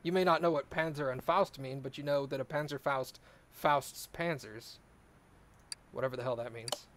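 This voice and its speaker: Streaming a car repair game, a man with a mid-range, slightly bright voice chats casually at normal speed. He rambles and jokes around with his viewers as a let's play streamer.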